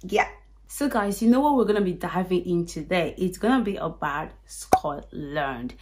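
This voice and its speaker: A woman with a Nigerian accent, chatting straight to her viewers in an animated, casual vlog. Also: lowish voice, moderate pace, noisy background. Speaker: YouTube vlogger. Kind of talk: casual direct-to-camera vlog.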